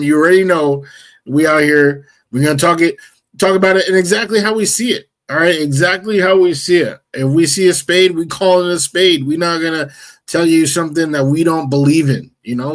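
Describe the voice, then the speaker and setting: A man's voice: fairly high pitch, steady tone, brisk. A man co-hosting a sports talk show, speaking in a laid-back, hyped-up way full of fillers. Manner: laid-back, hype-talking, filler-heavy. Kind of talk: casual sports radio chat.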